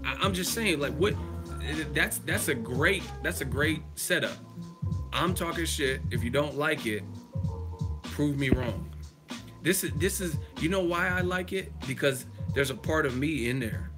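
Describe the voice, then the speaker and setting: A man's voice: a little high, animated, unhurried, over music. A man from the United States hosting a live stream, ranting emphatically with profanity and rhetorical questions. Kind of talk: casual live-stream commentary.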